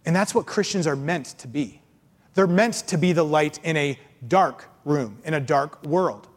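A man preaching a sermon as pastor, animated, acting out complainers in mocking voices. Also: fairly high pitch, unhurried, big-room sound. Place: church.

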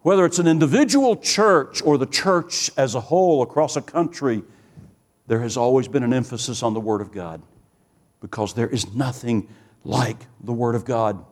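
An earnest man preaching a sermon, his voice sitting at a middle pitch. He builds his points through rising lists of phrases and leans into key words with conviction. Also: expressive, normal speed, big-room sound. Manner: storytelling with quoted dialogue.

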